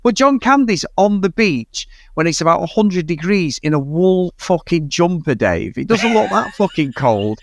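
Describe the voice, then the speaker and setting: A man's voice: sits high, very animated, normal speed, vocal fry, few pauses, dry recording, studio quality. A man co-hosting a casual film review podcast, ranting in exasperation about a bad movie and swearing freely. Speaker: podcast co-host.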